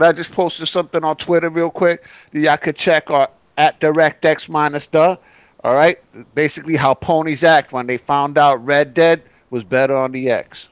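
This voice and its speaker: A man hosting a casual gaming podcast, talking loud and profane with lots of banter. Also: a little high, clean tone, dry recording. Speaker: podcast host.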